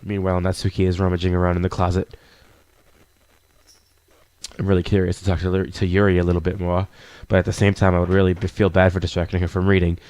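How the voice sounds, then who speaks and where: A man reading a visual novel aloud as a let's player, adding quick asides between the narration. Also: deep voice, monotone, darkish tone, smooth.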